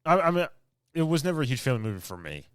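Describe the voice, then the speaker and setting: A man co-hosting a podcast, chatting casually and excitedly, quoting film lines and laughing often. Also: medium pitch, very fast, no room sound, clean studio sound. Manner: animated, quotes movie lines in put-on voices and laughs. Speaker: podcast co-host. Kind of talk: casual chat.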